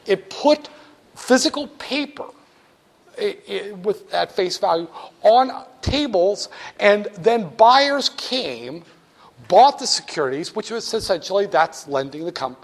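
Animated, joking male lecturer. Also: on the high side. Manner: animated, joking, talks to students. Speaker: teacher. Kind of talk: classroom lecture.

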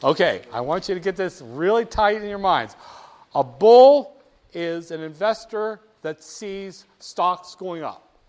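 A man's voice: high-pitched, expressive, unhurried, a little mellow. A man lecturing a class, stressing key words and having students repeat phrases back to him. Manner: emphatic, drills terms, asks students to repeat. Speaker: teacher.

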